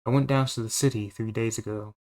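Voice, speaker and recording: A man's voice: medium pitch, fairly even intonation, fast talker, darkish tone, lightly acted. A man voicing a carefree, lazy young male cowboy in a fan-dubbed game, laid-back and easygoing.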